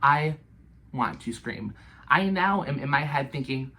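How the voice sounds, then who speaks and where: Animated, swearing woman telling a story. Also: rumbling low, unhurried, slight background noise. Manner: animated, heavy swearing, breathless retelling. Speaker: storytime vlogger. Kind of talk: casual storytelling to camera.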